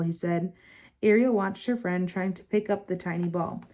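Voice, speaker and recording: A woman tutor reads a children's picture book aloud with an expressive storytelling lilt. Her voice sits at an ordinary middle pitch and rises brightly when characters speak. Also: brisk. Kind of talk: children's read-aloud narration.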